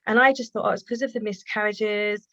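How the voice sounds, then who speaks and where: A woman guest telling a personal story in conversation, earnest and reflective, often halting and restarting. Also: medium pitch, steady tone, a bit bright, no room sound, muffled recording. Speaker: guest, healer and author.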